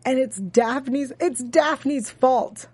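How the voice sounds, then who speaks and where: A woman co-hosting a TV after-show, recapping an episode in casual chat and talking in halting bursts full of fillers and restarts. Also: high-pitched, a little mellow, husky, no room sound.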